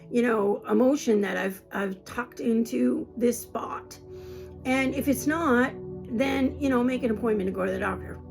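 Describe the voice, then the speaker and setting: A woman's voice: fairly high pitch, vocal fry. A woman in her sixties giving an earnest, reassuring spiritual talk, often repeating herself. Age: 60s. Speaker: spiritual teacher. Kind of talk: casual spoken talk. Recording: music playing behind her.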